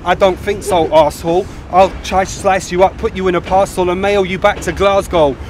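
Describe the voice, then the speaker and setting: A man from Ipswich, England, with a cold and a fairly high voice, rapping aggressive, boastful insults outdoors on a city street. Faint street noise runs underneath. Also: steady tone, a little fast. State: has a cold. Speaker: battle rapper. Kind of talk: rap battle verses.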